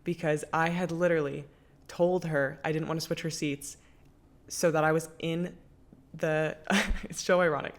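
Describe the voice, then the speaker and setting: A young adult woman hosting her own show, telling a personal story in a casual, candid way and swearing freely. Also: deep voice. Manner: candid, chatty, swears freely, drops to near-whisper when tense. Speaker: podcast host.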